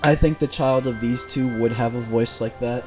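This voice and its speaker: A man's voice: mid-range voice, fairly even intonation, normal speed, over music. Joking man streaming a game. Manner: rambling, joking, swears. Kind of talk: casual game-stream commentary.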